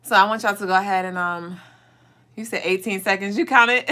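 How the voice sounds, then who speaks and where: A woman's voice: mid-range voice, normal speed, long pauses, bright, forceful tone. A woman hosting a spiritual live stream, talking straight to her viewers in a laid-back way and leading a guided meditation.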